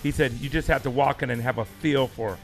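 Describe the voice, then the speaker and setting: A man co-hosting a casual business talk show, speaking haltingly with restarts before landing emphatic points. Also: medium pitch, faint music behind. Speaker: co-host.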